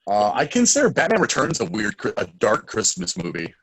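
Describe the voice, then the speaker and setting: A young man, a guest in a casual interview, telling stories excitedly and acting out quotes loudly. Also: on the low side, a little fast, husky, dry recording, rough recording.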